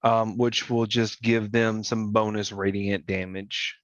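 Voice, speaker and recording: Male tabletop player, low voice, methodical thinker, dry lo-fi recording. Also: level tone, a little slow, no echo. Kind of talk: tabletop game play.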